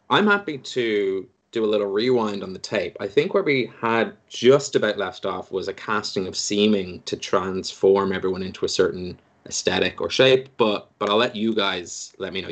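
A man narrating as game master of a tabletop role-playing game, relaxed and wry, with frequent restarts. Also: on the low side.

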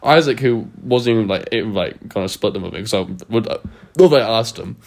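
A man's voice: on the low side, animated, a little fast, creaky. Rambling young man, sick, laughing often. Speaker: podcast co-host. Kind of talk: casual chat.

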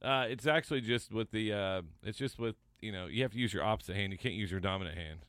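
A man's voice: fairly low pitch, fast, fairly bright tone, smooth, no echo. Dry-humored man reading things out. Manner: dry, looks things up and reads them out. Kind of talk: crude casual banter.

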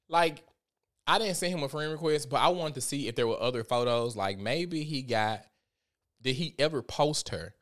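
A man giving casual commentary on a vlog, animated and profane as he tells a story. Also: mid-range voice, normal speed, long pauses. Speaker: vlogger.

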